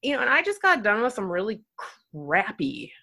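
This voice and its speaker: A woman's voice: mid-range voice, normal speed, creaky. A woman hosting a podcast in a casual, self-deprecating chat. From Minnesota. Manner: chatty, self-deprecating, lively asides. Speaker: podcast host.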